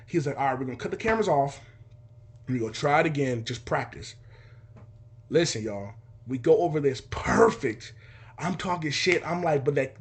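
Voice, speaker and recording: Husky young man telling a story. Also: on the high side. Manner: animated, acts out dialogue with sound effects. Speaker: podcast host telling a story. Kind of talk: casual storytelling.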